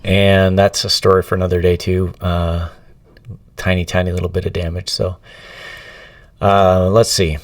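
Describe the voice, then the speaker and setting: A man hosting a casual family podcast, easygoing and halting with fillers. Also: low voice, level tone, dry recording, recorded from a distance. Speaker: podcast host.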